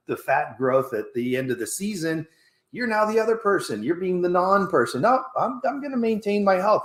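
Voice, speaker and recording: A man coaching listeners on healthy habits, talking casually with lots of energy. He acts out short back-and-forths by jumping up into a higher voice. His mid-pitched voice rings in a roomy, echoey space. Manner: animated, coaching, acts out little exchanges in a higher voice. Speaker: fitness coach and host. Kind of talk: motivational casual talk.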